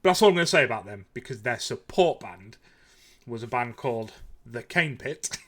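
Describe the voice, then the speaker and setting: Man, thirties, podcast host, bright forceful voice, rambling casual chat. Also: mid-range voice, animated, normal speed. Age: 30s. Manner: rambling and enthusiastic, with frequent fillers and laughs.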